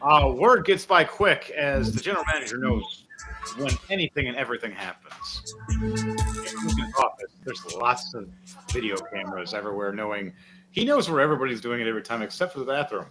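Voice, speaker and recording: A man's voice: medium pitch, fairly quick, music in the background, rough recording. A man narrating a tabletop wrestling game as game master, describing the action play-by-play. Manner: play-by-play, lively, laughing.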